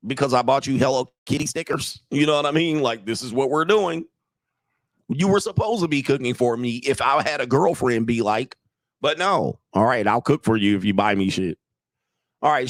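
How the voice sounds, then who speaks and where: A man's voice: medium pitch, animated, normal speed, no room sound. A man who works as a dating coach, giving blunt, mocking casual commentary on clips and talking straight to his viewers.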